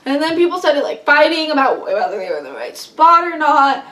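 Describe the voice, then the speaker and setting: A young woman vlogger telling a long story in casual chat, rambling and excitable with lots of fillers. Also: sits high, fairly quick. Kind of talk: casual storytelling while eating. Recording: echoey room, mic at a distance.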